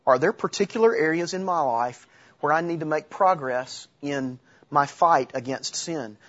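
A man's voice: fairly high pitch, normal speed, a bit bright, highs cut off. A middle-aged male pastor preaching conversationally, asking the audience questions and using humor. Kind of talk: sermon.

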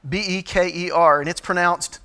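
A middle-aged man as a pastor, giving a sermon-style teaching talk, halting with frequent fillers and restarts. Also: high voice, steady tone, pushed and bright, clear, resonant tone.

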